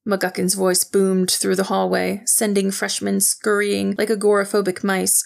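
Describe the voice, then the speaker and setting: A woman reading a novel aloud in steady, even storytelling narration. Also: medium pitch, unhurried, gravelly, hardly any pauses. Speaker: audiobook narrator. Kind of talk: scripted narration.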